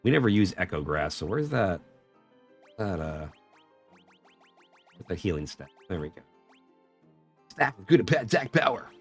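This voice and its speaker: A man's voice: sits low, a little slow, pauses often, slightly rough, soft background music. A man chatting casually and joking with profanity while streaming a game. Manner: joking, profane, lively banter. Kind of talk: casual gaming chat.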